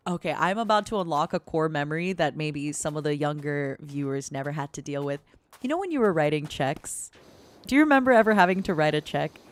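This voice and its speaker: A woman streamer chatting softly and casually with her viewers while gaming, giggling often and slipping into French. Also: sits low, a little fast. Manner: switches between English and French. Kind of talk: soft-spoken casual chat while gaming.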